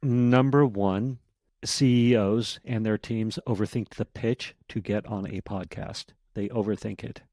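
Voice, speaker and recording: A man with a fairly low voice talks as a guest on a podcast. He tells animated stories and acts out sample emails in quotes. The sound is dry and close, with no room around it. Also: unhurried, dry recording. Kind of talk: casual interview chat.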